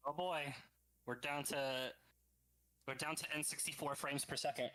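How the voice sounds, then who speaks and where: A woman's voice: low-pitched, steady tone, normal speed, a bit bright, slight background noise. A woman co-streamer chatting on a voice call, giving brief, agreeable replies.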